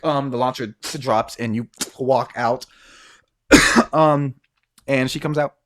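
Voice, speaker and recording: A man's voice: medium pitch, steady tone, takes it slowly. A man narrating as game master of a tabletop role-playing game, rambling with many fillers and frequent laughs.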